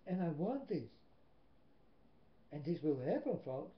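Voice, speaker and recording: A man with a Dutch accent, a native Dutch speaker, gives a slow, emphatic religious monologue into a webcam, with long pauses between phrases. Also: fairly high pitch, big pitch swings. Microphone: built-in webcam mic. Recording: echoey room, dull lo-fi webcam audio.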